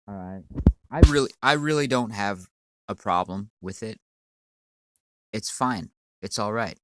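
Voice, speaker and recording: A man's voice: lowish voice, lively intonation, unhurried, pauses often, noisy background. A man with a sinus cold delivering a profane, rambling, stammering rant at a commenter on his channel. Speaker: channel owner. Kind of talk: ranting monologue.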